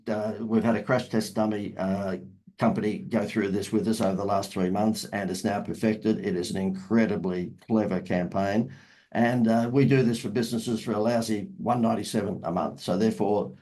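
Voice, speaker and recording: A man's voice: lowish voice, dark tone, low-quality recording. A man, a marketing expert talking as an interview guest in a salesy, emphatic way that repeats phrases. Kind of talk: casual interview talk.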